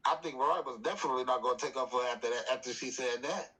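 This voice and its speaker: Husky voice, teasing co-host, laughs a lot, casual soap chat. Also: mid-range voice, rapid-fire, sharp tone, poor audio. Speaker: soap opera recap co-host.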